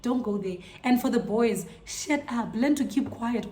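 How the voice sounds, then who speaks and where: A young woman, telling a storytime vlog to her viewers in an animated, incredulous way. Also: a little high, a little slow, few pauses, a little hiss or hum. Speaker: vlogger. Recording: echoey room.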